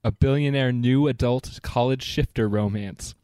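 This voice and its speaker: A man's voice: medium pitch, normal speed, dark tone, smooth, no echo. Regular guy cohost, mid voice, easygoing chat, dry close mic. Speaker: podcast co-host. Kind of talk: casual podcast chat.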